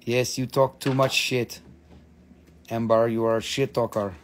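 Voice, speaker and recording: A man hosting a live-stream mineral sale, gushing excitedly over each stone, swearing freely and calling out prices. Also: medium pitch, unhurried. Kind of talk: live-stream sales chat.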